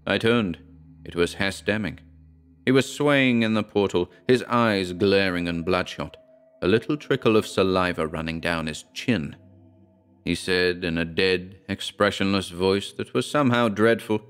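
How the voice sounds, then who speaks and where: Deep-voiced man reading horror. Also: a bit bright, clean tone, soft background music. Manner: measured, dramatic reading. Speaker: audiobook narrator. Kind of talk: scripted horror narration.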